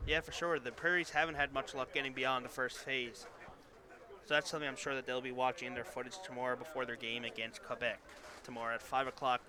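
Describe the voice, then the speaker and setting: A man's voice: medium pitch, level tone, quick pace, crowd noise. A man with a Newfoundland accent giving easygoing, chatty live rugby commentary on the radio. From Newfoundland, Canada. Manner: chatty, easygoing, banters with co-host.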